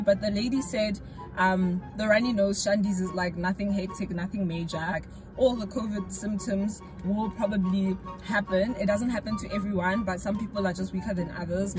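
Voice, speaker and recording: A young woman from South Africa, vlogging casually to camera with a slightly runny nose, telling a story in an animated, slangy way and laughing often. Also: mid-range voice. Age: young adult. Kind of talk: casual vlog chat to camera.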